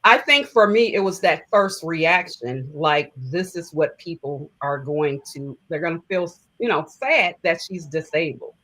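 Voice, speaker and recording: A middle-aged woman, appearing as an interview guest, shares personal memories in a reflective, heartfelt manner, her phrases halting. Her voice is low and expressive with a fairly bright tone, and the audio quality is poor.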